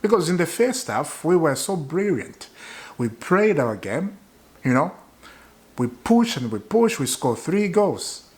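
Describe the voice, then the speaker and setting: A man's voice: fairly high pitch, very animated, measured pace. A young man giving a casual fan rant to camera, exasperated and repeating his points for emphasis. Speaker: football fan vlogger.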